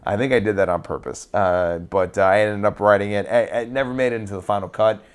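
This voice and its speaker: A man's voice: fairly low pitch, steady tone, fast talker, clean tone. A man co-hosting a podcast, talking casually and rambling, with frequent fillers, restarts and the odd swear word. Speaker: podcast co-host.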